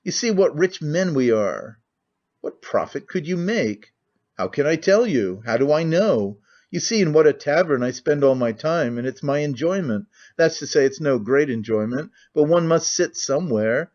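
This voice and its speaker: A man's voice: fairly high pitch, animated, normal speed, a little mellow, lightly acted. A man voicing a cynical, talkative middle-aged nobleman who rambles with languid candor, on a muffled lo-fi recording.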